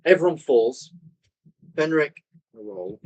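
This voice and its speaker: A man's voice: a little high, expressive, takes it slowly, a little mellow, rough recording. Man running a tabletop game. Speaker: dungeon master.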